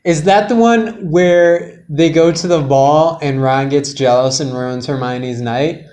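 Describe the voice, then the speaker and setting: A man's voice: on the high side, slow, a little mellow. A man co-hosting a casual podcast, joking around and rambling with lots of "like". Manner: jokey, rambling with many "like"s. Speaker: podcast co-host.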